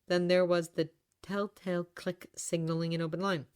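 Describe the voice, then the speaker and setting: A woman's voice: fairly low pitch, level tone, normal speed, darkish tone, clear, resonant tone. A woman narrating fan fiction as an audiobook reader, telling the story expressively. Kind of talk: reading fan fiction aloud.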